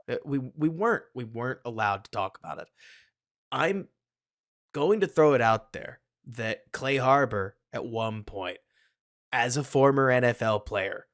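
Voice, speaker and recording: A man's voice: mid-range voice, fairly bright tone. A man co-hosting a casual sports podcast, analytical and hedging his opinions with self-aware asides. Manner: hedging, self-aware, addresses co-host by name. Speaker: podcast co-host.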